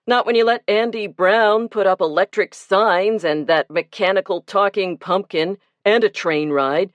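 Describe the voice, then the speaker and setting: A woman's voice: medium pitch, measured pace, no echo, muffled recording, natural voice. Narrator doing a smug sarcastic guy, teasing everyone. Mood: needling. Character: cocky, needling man at a town table.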